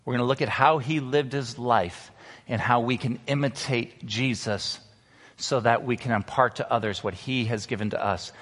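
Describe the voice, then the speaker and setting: A man pastor preaching a sermon, emphatic, slowing down to stress key words. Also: mid-range voice, a bit bright. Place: church sanctuary. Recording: long reverb of a large hall.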